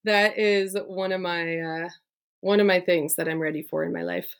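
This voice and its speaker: A woman's voice: fairly low pitch, fairly even intonation, moderate pace, clear, resonant tone. A woman business coach, a podcast guest, talking casually and eagerly with lots of fillers. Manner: chatty and enthusiastic, many "like" fillers. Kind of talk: casual conversational interview.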